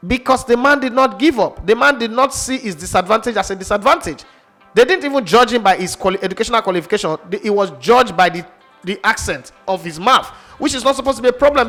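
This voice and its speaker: A man's voice: high voice, a bit bright. A man with a Nigerian accent arguing his opinion on a sports talk show, emphatic and full of rhetorical questions. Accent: Nigerian English.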